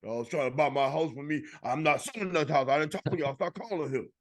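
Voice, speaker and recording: A woman's voice: fast talker, natural voice. A man putting on the voice of an older woman begging callers to leave her house alone. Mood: irritated. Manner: pleading, high-pitched, drawn out.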